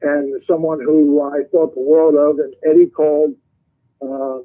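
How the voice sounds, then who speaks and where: Older male phone-in guest, long-winded raconteur, slightly high voice, tinny phone line. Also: flat delivery, unhurried. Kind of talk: casual storytelling on a call.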